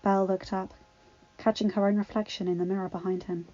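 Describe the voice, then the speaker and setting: A woman narrating a fan-fiction story in a steady, expressive reading. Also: mid-range voice, brisk. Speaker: audiobook reader. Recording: dull lo-fi recording with faint music.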